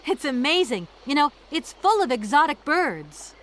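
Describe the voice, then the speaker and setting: A woman's voice: high-pitched, very animated, moderate pace, fairly bright tone. An actress playing a polite woman lawyer with dry wit in a game. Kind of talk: game voice acting.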